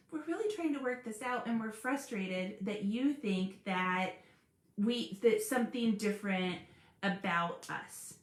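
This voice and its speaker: A woman hosting a live stream about school support teams, earnest and animated, laughing often as she talks. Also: a little high, echoey room. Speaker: special education advocate hosting a live stream. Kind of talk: casual live-stream talk.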